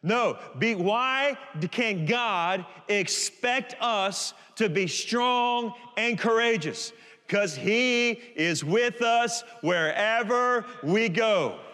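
A man's voice: high-pitched, animated, extremely slow, pushed and bright, clean tone. A man preaching a sermon in a church, emphatic, and he keeps asking the congregation to call the words back. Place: large church hall. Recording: reverberant church hall.

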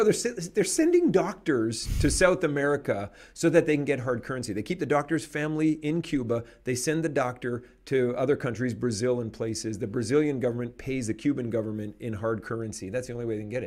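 A man hosting a podcast, speaking in an animated, emphatic way and laughing between points. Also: mid-range voice, fairly quick, few pauses. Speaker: podcast host. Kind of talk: conversational commentary.

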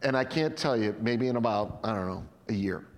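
A middle-aged male pastor preaching a sermon in a conversational, animated way, dropping to quiet emphasis on key points. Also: fairly low pitch, brisk. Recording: long hall reverb.

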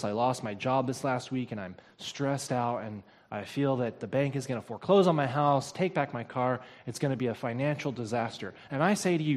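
A male pastor preaching a sermon, building to emphatic repeated scripture lines and questions to the congregation. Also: mid-range voice. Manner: preaching with swelling intensity and emphatic repetition. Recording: long hall reverb.

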